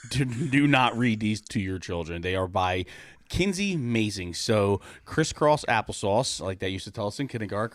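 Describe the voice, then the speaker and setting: Animated male podcast host. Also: on the low side, moderate pace, no room sound. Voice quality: animated, laughing while reading. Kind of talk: casual chat, comic reading aloud.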